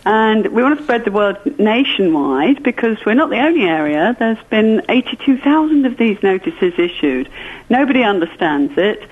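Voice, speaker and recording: A woman's voice: medium pitch, very animated, normal speed. A woman phones in to talk about her local campaign. She is earnest and determined and often stops to find her words. Her voice comes over a thin, phone-like line. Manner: earnest and determined, with many hesitations. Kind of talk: phone interview.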